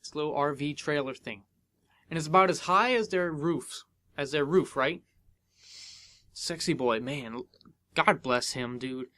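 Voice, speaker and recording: Young man, american accent, casual podcast storytelling, fairly high voice, animated quoted dialogue. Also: a little slow, long pauses. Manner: animated, acts out dialogue with big pitch jumps. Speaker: podcast host.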